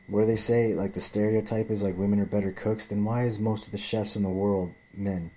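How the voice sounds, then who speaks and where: Low-voiced man in a profane rant. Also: flat delivery, a little fast, dark tone. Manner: rambling, profane, restarts and repeats words. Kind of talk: profane ranting monologue.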